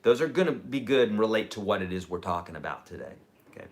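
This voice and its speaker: A man teaching a live-streamed guitar lesson, chatty and energetic, with lively jumps in pitch and loudness. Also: quick pace. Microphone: camera mic.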